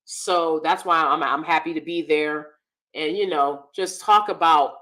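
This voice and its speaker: A woman's voice: low voice, measured pace, bright, forceful tone, rough recording. A woman hosting her own channel, giving blunt, emphatic commentary and reading out chat names, often repeating herself for stress. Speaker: channel host. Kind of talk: casual commentary to live chat.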